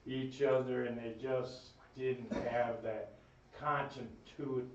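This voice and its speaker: A man's voice: mid-range voice, steady tone, slow pace, slight background noise. A man giving a funeral eulogy for his brother, telling folksy, rambling family stories. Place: funeral home chapel. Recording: echoey room, distant mic, dull sound.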